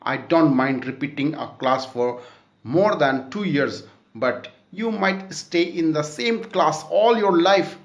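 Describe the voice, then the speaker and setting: A man reads the part of a bossy, studious elder brother who scolds and lectures. The voice sits a little high and moves slowly and deliberately. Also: expressive, reverberant, highs cut off. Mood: scolding.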